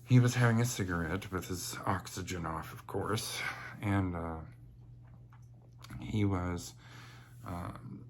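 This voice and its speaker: A man's voice: low-pitched, slow pace, long pauses, slight background noise. A young man telling personal stories in a chatty, rambling way, with many fillers and laughs. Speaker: vlogger. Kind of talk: casual personal storytelling.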